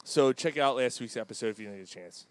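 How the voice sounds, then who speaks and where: A man hosting a casual sports chat show, animated and quick to crack jokes, with plenty of profanity. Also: mid-range voice, no echo. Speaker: podcast host.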